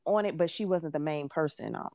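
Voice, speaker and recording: A woman's voice: sits low, expressive, a little fast, creaky, warm tone, dry recording, studio quality. A woman co-hosting a podcast, chatting in a sassy, playful way with many hums of agreement. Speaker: podcast co-host. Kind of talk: casual chat.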